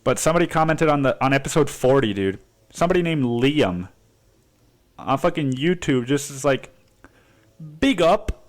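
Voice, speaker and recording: A man with a mid-range, expressive voice at normal speed hosts a casual solo podcast, rambling stream-of-consciousness style and swearing constantly.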